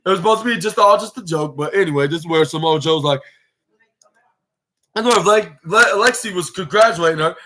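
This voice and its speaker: A man with a fairly high-pitched voice recaps a wrestling show on his podcast. He talks in an excitable, rambling way and keeps restarting his sentences as he goes. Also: a little fast. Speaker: podcast host.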